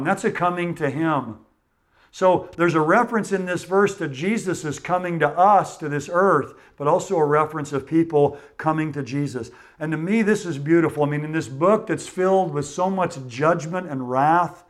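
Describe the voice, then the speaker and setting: Earnest male preacher, fairly high voice. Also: normal speed. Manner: earnest, softening to quiet at phrase ends. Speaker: pastor. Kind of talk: sermon.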